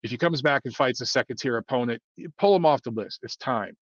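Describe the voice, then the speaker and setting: A man's voice: medium pitch, fast talker, dry recording. A man giving blunt, rambling boxing opinions to his viewers, with many fillers and restarts. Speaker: boxing commentator. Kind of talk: casual opinion monologue. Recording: dull lo-fi dry sound.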